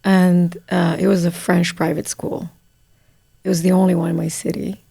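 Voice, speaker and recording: A woman host from Morocco, telling a personal story in a relaxed, unhurried way with fillers. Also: fairly low pitch, creaky, breathy edge, dry recording. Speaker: podcast host. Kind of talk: casual conversation.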